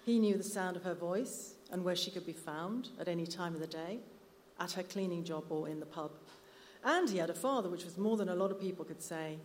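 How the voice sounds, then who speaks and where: Low-voiced woman reading her story aloud. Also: a little fast, slight background noise. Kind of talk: live literary reading. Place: live literary night venue. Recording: reverberant hall with faint ambience.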